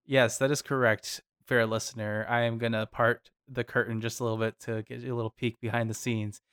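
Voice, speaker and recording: A man hosts a podcast in a relaxed, chatty way. His voice sits at a middle pitch, and he talks animatedly with quick asides. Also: clean tone. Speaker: podcast co-host. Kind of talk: casual chat.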